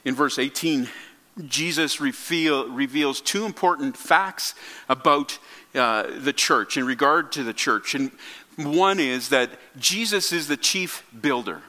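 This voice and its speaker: A man preaching a sermon in a high, bright voice. He presses his points hard and often stops to restart or repeat a word mid-phrase. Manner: emphatic, with frequent restarts and repeated words. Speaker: pastor.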